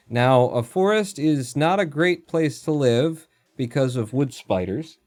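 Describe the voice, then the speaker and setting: A man streaming a game live, thinking aloud, counting under his breath, chatting to animals and breaking into excited outbursts with casual swearing. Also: mid-range voice, measured pace, few pauses. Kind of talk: live gameplay commentary.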